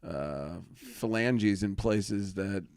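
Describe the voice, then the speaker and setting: A man co-hosting a comedy podcast, chiming in with quick jokes and banter. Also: fairly low pitch, a little mellow, no room sound, clean studio sound. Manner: quick joking interjections. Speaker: podcast co-host.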